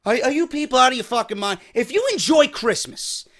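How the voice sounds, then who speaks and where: Hoarse new york guy in his 30s ranting, super high pitched, cussing nonstop. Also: animated, brisk. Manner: angry, sweary, loud bursts. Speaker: wrestling podcast host. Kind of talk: profane storytelling rant.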